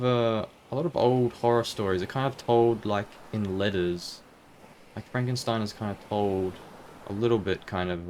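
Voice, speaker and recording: A man's voice: lowish voice, darkish tone, slight background noise. A man casually commenting on a game as he plays, chatty and thinking aloud, sometimes reading the on-screen text. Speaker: gaming video host.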